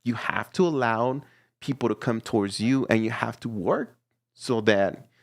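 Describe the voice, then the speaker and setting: A man giving a casual tarot reading to camera, animated and teasing, often laughing and acting out little voices. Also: mid-range voice, measured pace, creaky, no room sound. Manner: teasing, playfully scolding. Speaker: tarot reader.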